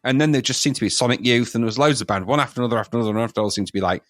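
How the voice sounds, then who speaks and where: A man's voice: medium pitch, racing, dry recording, studio quality. A man co-hosting a podcast, chatting casually and bluntly dismissing what he hears. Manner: blunt, scathing, breaks into mocking impressions. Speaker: podcast co-host. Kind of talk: casual chat.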